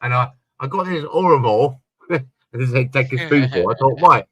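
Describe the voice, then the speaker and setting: A man's voice: mid-range voice, animated, normal speed, pushed and bright, breathy edge, dry recording. A middle-aged man on a late-night chat stream, telling rambling personal stories and swearing casually. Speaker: podcast panelist.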